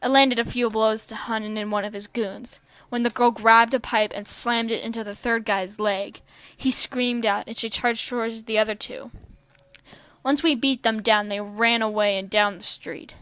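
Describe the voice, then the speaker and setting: A woman's voice: a little high, fairly even intonation, moderate pace, a bit bright, clean tone, no room sound. A woman reading a fan story aloud, often tripping over words and correcting herself. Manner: stumbling, often correcting herself mid-word. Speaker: fan fiction reader.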